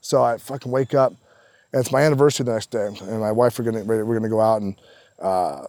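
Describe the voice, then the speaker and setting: A man, a professional golfer, guesting on a casual podcast, telling animated, profanity-laced stories. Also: lowish voice, fast talker, no room sound.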